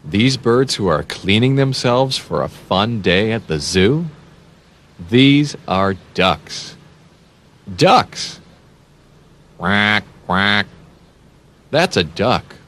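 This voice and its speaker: Slow, animated man reading to children. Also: lowish voice. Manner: sing-song, exaggerated emphasis, animal sound effects. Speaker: children's read-along host.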